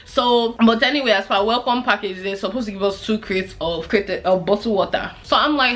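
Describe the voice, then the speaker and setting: Casting: young woman from Nigeria, chatty vlogger, bright voice, animated storyteller who laughs a lot. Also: medium pitch, a little fast, few pauses. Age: young adult. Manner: animated, laughs often, acts out quoted voices. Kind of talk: casual storytelling chat.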